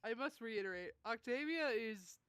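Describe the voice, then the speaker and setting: A woman's voice: fairly high pitch, animated, moderate pace, a bit bright, clear, resonant tone, no room sound, clean studio sound. A woman player chatting casually at a tabletop game, giggling as she talks. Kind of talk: casual chat.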